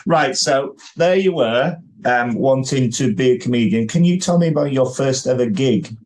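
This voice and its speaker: A man's voice: medium pitch, expressive, moderate pace, a little mellow, rough recording. A man hosting a podcast interview, encouraging his guest with short replies. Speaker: podcast host. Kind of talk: casual interview chat.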